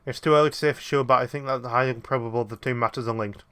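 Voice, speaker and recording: A man reading the lines of a calm, courteous gentleman professor detective in a puzzle game. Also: medium pitch, smooth, close to an everyday voice. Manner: measured, courteous, formal reading.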